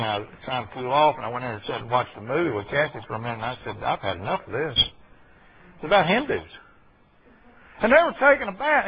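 A man preaching a folksy sermon, full of rambling asides and checks with his listeners. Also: fairly high pitch. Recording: dull lo-fi recording.

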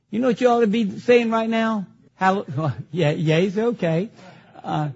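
A man with a very high, husky voice preaching from a church pulpit. He is emphatic and keeps quizzing the congregation on what they just read. The recording sounds a little dull. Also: expressive, unhurried. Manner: emphatic, asks the congregation questions and answers them. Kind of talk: sermon.

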